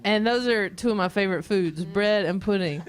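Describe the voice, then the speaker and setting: A woman telling a funny personal story, animated and often breaking into laughter. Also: mid-range voice, normal speed, a crowd in the background. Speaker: comedian. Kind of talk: comedic storytelling.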